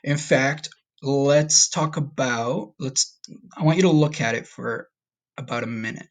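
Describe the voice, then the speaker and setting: An American man teaches a recorded Spanish lesson to his class, friendly and frequently checking in with "okay?". His voice is mid-range and unhurried.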